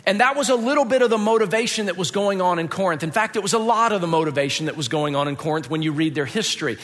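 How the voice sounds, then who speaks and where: Animated preacher man in a reverberant hall. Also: sits high, fast. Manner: animated, conversational preaching with rhetorical questions. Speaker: pastor. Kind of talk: sermon.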